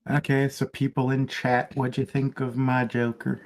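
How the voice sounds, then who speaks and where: A man's voice: medium pitch, completely flat delivery, moderate pace. A playful man co-hosting a podcast in casual chat, laughing often. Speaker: podcast co-host.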